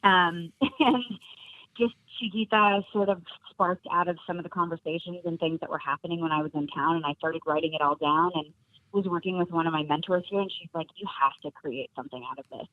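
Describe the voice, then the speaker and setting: A woman's voice: lowish voice, dry recording. A woman, an actress guest on a podcast, chatting casually and laughing often, with lots of fillers. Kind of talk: casual chat. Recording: narrow phone-like sound.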